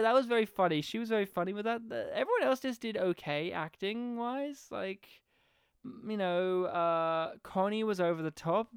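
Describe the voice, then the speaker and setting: In a dry, studio-quality recording, a man with a high-pitched, clean voice talks casually about a movie as a podcast co-host. He swears a lot and gets animated acting out lines from the film.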